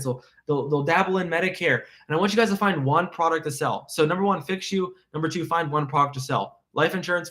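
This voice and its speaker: Fast, excited motivational man coaching. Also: on the high side. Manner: rhetorical questions, repetition. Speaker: insurance sales coach. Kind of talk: live stream Q&A coaching.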